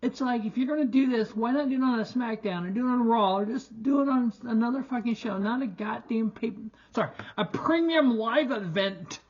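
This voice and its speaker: A man's voice: extremely high pitch, a little fast, dull audio. A young man hosting a casual wrestling review show, ranting in a frustrated, profane way with lots of restarts.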